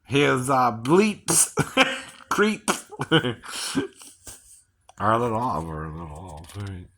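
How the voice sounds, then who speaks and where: Chuckling man from Georgia, slow and bright. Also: lowish voice, animated. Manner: chuckles often, keeps adding "right, right". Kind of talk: rambling casual monologue.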